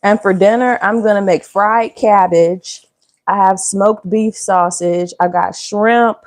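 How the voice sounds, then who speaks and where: A woman's voice: medium pitch, fairly even intonation, slow. A woman chatting casually and joking with viewers during a cooking livestream. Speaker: livestream host.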